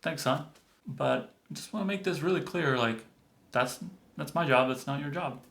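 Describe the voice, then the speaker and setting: A man voicing a kind but firm father who softly and gently repeats himself. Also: medium pitch, normal speed, vocal fry. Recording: roomy echo.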